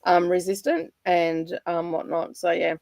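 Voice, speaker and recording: A chatty middle-aged woman with an Australian accent, talking in a rambling, easygoing way and laughing often. Her voice sits a little low, and the sound is dry and close. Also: flat delivery, unhurried, gravelly, a little mellow, dry recording. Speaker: livestream guest. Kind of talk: casual chat.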